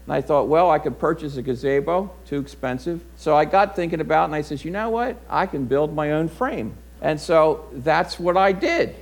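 Man, middle-aged pastor, voice sits a bit high; folksy, chatty sermon delivery. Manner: folksy storytelling, conversational. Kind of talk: sermon with personal story.

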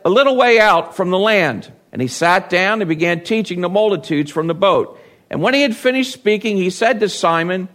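A man's voice: high voice, a bit bright. A man preaching a sermon as pastor, reading scripture and acting out quoted voices with big swings.

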